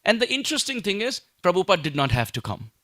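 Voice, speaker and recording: A man's voice: sits high, big pitch swings, quick pace, pushed and bright, no echo, clean studio sound. A man giving a sermon, building his points through rhetorical questions and emphatic repetition. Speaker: speaker at a devotional talk.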